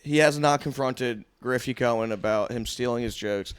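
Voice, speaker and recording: A man's voice: medium pitch, moderate pace, clear, resonant tone. A man co-hosting a podcast in a studio, ribbing his friend with crude jokes in casual banter. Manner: mocking, laughing, crude jokes. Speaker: podcast co-host.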